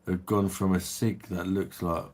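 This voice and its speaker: Deep-voiced South East London man hosting a casual drinking livestream, relaxed matey chat with viewers. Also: unhurried. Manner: laid-back blokey banter with swearing and chuckles. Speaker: livestream host.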